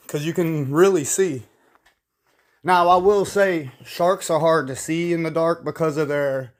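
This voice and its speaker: Blunt, opinionated man, slightly high voice. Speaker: YouTube commentator. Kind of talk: casual commentary.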